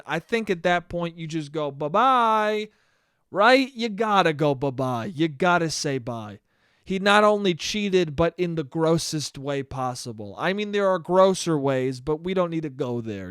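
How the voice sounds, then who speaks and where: A man's voice: a little high, lively intonation, normal speed, clear, resonant tone, no room sound, studio quality. A young man hosting a solo podcast, ranting in a profane, self-mocking way and acting out the voices in his head. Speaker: podcast host. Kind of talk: solo comedic monologue.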